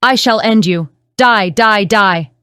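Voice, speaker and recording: A woman's voice: mid-range voice, moderate pace, smooth, no room sound, studio quality, close to an everyday voice. A woman narrator voicing a cruel, snarling male beast in an audiobook. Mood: raging. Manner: snarling, ranting.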